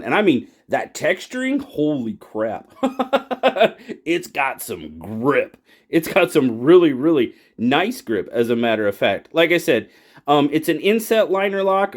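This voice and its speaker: A man hosting his own channel, chatting enthusiastically through a casual product review and exclaiming over the details. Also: fairly high pitch. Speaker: knife reviewer and channel host.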